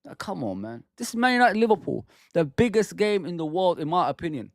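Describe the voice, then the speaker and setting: A man's voice: high voice, big pitch swings, a little fast, vocal fry, no room sound, studio quality. A man hosting a football fan channel, ranting with heated, exasperated commentary and some swearing.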